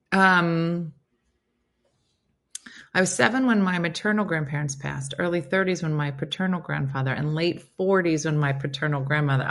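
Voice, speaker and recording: A woman in her fifties hosting a live phone stream, telling family stories in a chatty, animated way and reading out viewer comments. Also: deep voice, creaky. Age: 50s. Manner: chatty, animated, rises sharply when excited. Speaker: livestream host. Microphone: phone camera.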